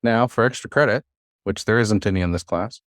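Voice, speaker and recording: A man's voice: lowish voice, fairly quick, dry recording, studio quality. A man teaching a classroom lesson, patient and encouraging, with many fillers. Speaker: Hebrew teacher.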